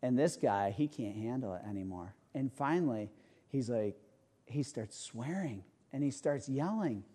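Male pastor, mellow tone, chatty storytelling sermon with lots of asides. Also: medium pitch, a little slow. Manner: animated storytelling, rhetorical asides. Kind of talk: conversational sermon with personal story.

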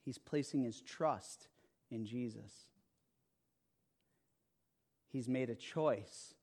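A man's voice: mid-range voice, very slow, darkish tone. A man preaching a sermon, speaking with emphasis, repeating phrases and checking in with "okay?" and "right?". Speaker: pastor.

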